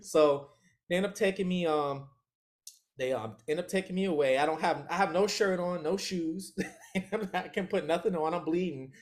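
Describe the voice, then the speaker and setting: A man's voice: a little high, moderate pace. A man as an interview guest, telling a story in casual chat. He talks with animation, laughs often and acts out other people's lines.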